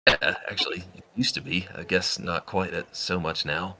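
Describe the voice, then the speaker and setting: Low-voiced guy playing a knight in a tabletop game, kinda bright tone, a little hiss behind. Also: fairly even intonation, normal speed. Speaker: player. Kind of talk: in-character tabletop play.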